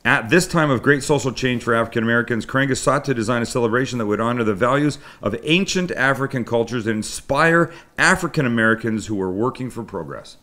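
A man's voice: mid-range voice, quick pace, few pauses, pushed and bright. A man with a Canadian accent hosting a live cooking show, chatting loosely with his crew in a rambling, self-deprecating way. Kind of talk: casual live-stream chat. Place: home kitchen studio with crew.

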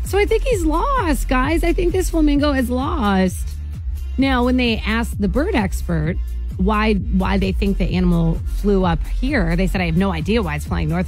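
A woman hosting a morning radio show, talking in a chatty, animated way and laughing often. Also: on the low side.

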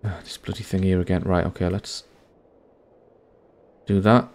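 Deep-voiced gaming host, dry and wry as he narrates his horror playthrough. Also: little pitch movement, normal speed, darkish tone. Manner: dry, wry running commentary. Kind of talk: horror game let's play commentary.

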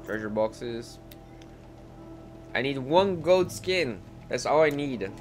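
A man's voice: mid-range voice, expressive, slow pace, soft background music. A young man live-streaming a game, talking casually and in a laid-back way, muttering to himself and greeting his chat.

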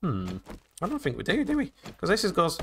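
A man's voice: sits high, wildly swooping pitch, a little fast, husky. A man hosting a let's play video, chatting and joking his way through a game and talking to the characters. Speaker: gaming channel host.

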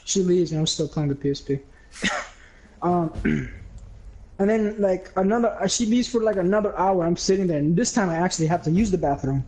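A man's voice: sits high, unhurried, pauses often, a little mellow, low-quality recording. A young man casually telling a rambling story, laughing often, swearing and acting out the people he quotes. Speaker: livestream host.

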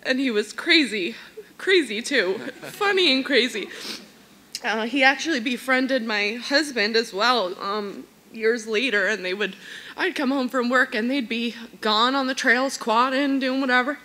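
A woman's voice: on the high side, measured pace, pushed and bright, low-quality recording. A woman speaking at a memorial service about a friend, emotional and earnest, close to tears at times. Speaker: friend giving a eulogy. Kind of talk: memorial speech. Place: church hall.

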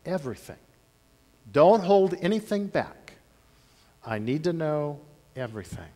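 A man's voice: a little high, big pitch swings, unhurried, dark tone. A man voicing the elderly priest Eli, earnest and insistent, while telling a Bible story in a church. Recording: long church-hall reverb.

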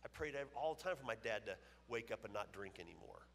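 A man's voice: lowish voice, animated, quick pace, fairly bright tone, a little hiss or hum. A man in his fifties giving a personal testimony as a guest speaker at a church, telling his story emphatically and acting out the dialogue. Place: church auditorium. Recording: long reverb of a church hall.

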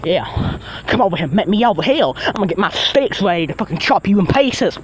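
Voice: medium pitch, big pitch swings, fairly quick, slight background noise, natural voice, rough recording. A performer voicing a foul-mouthed, furious male villain who rants and threatens in a fan-made machinima. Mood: raging. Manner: ranting, swearing, threatening.

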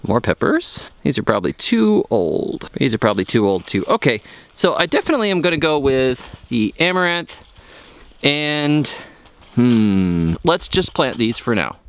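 Goofy chatty man with a lively voice. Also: medium pitch, normal speed. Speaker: gardening YouTuber. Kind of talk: casual vlog talk while planting. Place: outdoor vegetable garden.

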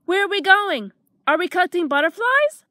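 A woman's voice: very high voice, sing-song, normal speed, pushed and bright, no echo, clean studio sound, voice pushed up, full character voice. A woman doing a stammering, panicky dragon. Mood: startled. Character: timid, jittery male dragon, easily frightened.

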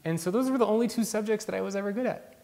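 A young man, a guest in an interview, telling his own story in a lively, conversational way. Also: high voice, racing, vocal fry. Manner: lively storyteller who acts out voices. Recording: long reverb in the room.

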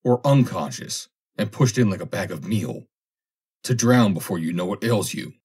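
A man reading an audiobook, voicing a grim, hard-bitten submarine officer with a low, menacing delivery. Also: animated, normal speed, a little mellow, breathy edge. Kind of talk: audiobook character voice.

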